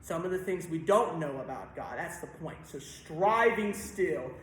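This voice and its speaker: A man's voice: fairly high pitch, expressive, measured pace. A man directing a choir rehearsal in a church, stopping to coach diction and sing out the words. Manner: stops and sings words to demonstrate diction. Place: large church sanctuary. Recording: very echoey church hall, faint music behind.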